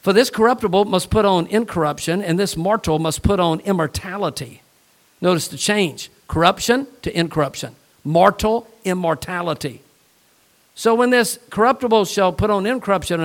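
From the pulpit, a pastor preaches a sermon with lively animation, shifting between scripture readings and jokes. For a man, his voice sits a little high.

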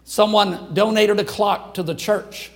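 An older man, preaching a folksy sermon and acting out quotes in lively voices. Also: high voice, unhurried. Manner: folksy, animated storytelling with acted quotes. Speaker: pastor.

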